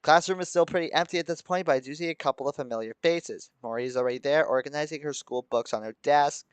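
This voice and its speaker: A man's voice: on the high side, fast talker, clean tone, no room sound. A young man streaming live as he reads a visual novel aloud, breaking off into chuckles and joking asides. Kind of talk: live let's-play commentary mixed with reading aloud.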